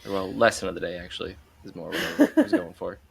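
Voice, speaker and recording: A man's voice: low voice, wildly swooping pitch, quick pace, gravelly, breathy edge. A man co-hosting a podcast, trading dry, teasing remarks in casual chat. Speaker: podcast co-host.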